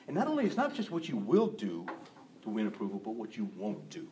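Animated male preacher giving a sermon. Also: medium pitch, a little fast, a little hiss or hum. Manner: animated, acts out gossiping voices.

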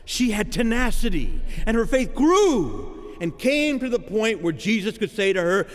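Male preacher, dramatic sermon cadence, pitch swinging widely, lingering church-hall echo. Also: huge pitch swings, unhurried. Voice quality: dramatic preaching cadence, acting out quoted voices.

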